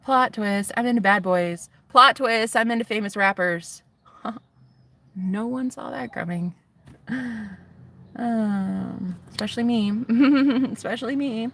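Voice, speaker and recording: A woman's voice: mid-range voice, takes it slowly, creaky. A woman vlogging in a casual confessional chat, rambling and chatty with lots of fillers. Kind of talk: casual confessional vlog talk.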